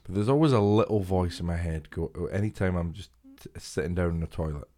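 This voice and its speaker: A man's voice: low voice, dark tone. A young man co-hosting a podcast, teasing his friend with plenty of swearing. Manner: teasing, sweary, quick to laugh. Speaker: podcast co-host. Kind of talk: casual chat.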